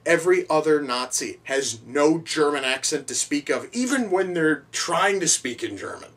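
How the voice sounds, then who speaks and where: A man's voice: on the high side, lively intonation, normal speed, a bit bright, distant mic. A man giving a casual spoken film review, rambling with frequent restarts, repeated words and swearing. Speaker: movie reviewer.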